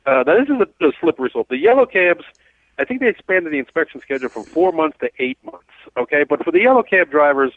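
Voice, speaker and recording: A man's voice: fairly high pitch, big pitch swings, fast, no echo. A man, a cab driver hosting a talk radio show, blunt and rambling as he tells stories. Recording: tinny phone-like dry sound.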